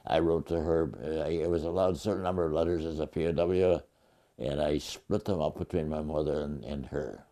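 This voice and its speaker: An older man, a war veteran, recounting his memories in an interview in a halting way with frequent restarts and a gravelly voice. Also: extremely low pitch, fairly even intonation, mellow.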